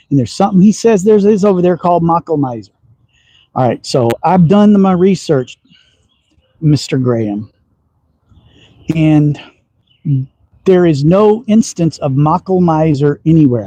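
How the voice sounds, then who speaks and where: A man's voice: a little high, mellow, no echo, low-quality recording. A man from Texas with a slight Southern accent, hosting a casual livestream and chatting while he shoots outdoors. He talks in a folksy, teasing way and chuckles often. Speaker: slingshot livestream host. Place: outdoor backyard shooting range.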